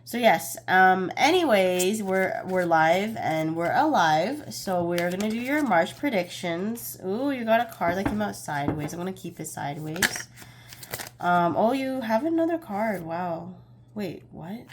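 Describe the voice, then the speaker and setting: A woman's voice: medium pitch, animated, a little slow, background noise. A young woman giving a casual pick-a-card tarot reading, chatty and a bit scattered, often laughing at herself.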